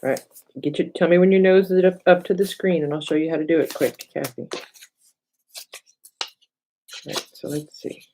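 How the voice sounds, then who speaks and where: A woman's voice: low voice, normal speed, pauses often, warm tone, a little hiss or hum, poor audio. Chatty middle-aged woman crafting at home. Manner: chatty, thinks aloud, talks to herself and viewers by name. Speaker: craft livestream host. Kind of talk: casual crafting demo chat with viewers.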